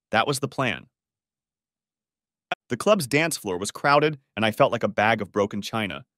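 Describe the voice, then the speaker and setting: A man's voice: medium pitch, fairly bright tone, no room sound, studio quality. A man narrating a first-person story as an audiobook, reading it dramatically.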